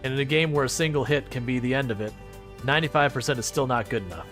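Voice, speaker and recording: A man giving casual, excitable commentary on his own gameplay, reacting aloud and laughing often. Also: mid-range voice, quick pace, faint music behind. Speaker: gaming channel host.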